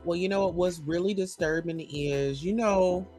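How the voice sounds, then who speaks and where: A man's voice: high-pitched, normal speed, darkish tone, soft background music. A man hosting a live talk stream, commenting in a casual and earnest way. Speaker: livestream host.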